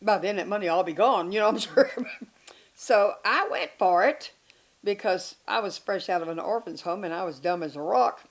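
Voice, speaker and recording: An older woman, an interview guest, telling candid stories in a lively, self-mocking way and laughing between lines. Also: mid-range voice, moderate pace. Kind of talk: candid storytelling chat.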